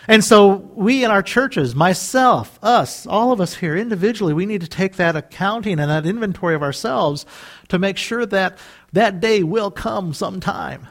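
Casting: male preacher, high voice, animated delivery, plays out dialogue mid-sermon. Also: moderate pace. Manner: animated, acts out quoted voices, laughs often. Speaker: pastor.

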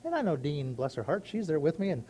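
A man with a warm, high voice and big pitch swings talks fast in a casual devotional talk, sharing personal and everyday stories in an earnest, folksy, rambling way with many asides. He's a Christian speaker, and there's slight background noise.

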